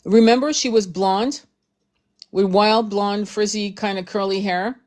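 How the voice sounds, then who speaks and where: A woman's voice: medium pitch, steady tone, measured pace, a little mellow. Blunt, swearing woman ranting. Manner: blunt, profane, emphatic, repeats herself. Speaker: host. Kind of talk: heated casual commentary.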